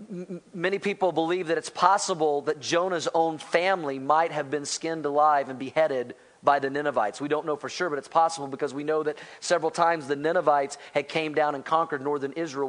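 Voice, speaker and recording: High-voiced animated male preacher. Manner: animated preaching, voices quotes, asks the congregation. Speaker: pastor. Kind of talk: sermon.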